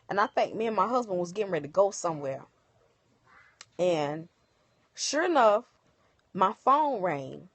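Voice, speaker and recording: A woman telling viewers a personal story in casual, animated speech, acting out the other people's lines. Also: lowish voice, no echo. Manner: emotional, animated retelling with quoted dialogue. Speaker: livestream host. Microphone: phone.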